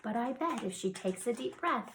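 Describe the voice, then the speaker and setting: A woman teacher reading a picture book aloud to young children, gentle and soothing with soft whispered asides. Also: a little high, expressive, normal speed, slight background noise.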